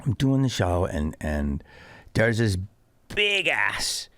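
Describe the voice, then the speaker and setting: A man chats casually as a podcast guest, telling stories with animated energy. His pitch swings widely as he acts out the people in them. The delivery is loose, quick and conversational. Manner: animated, storytelling with acted-out quotes. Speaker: guest comedian.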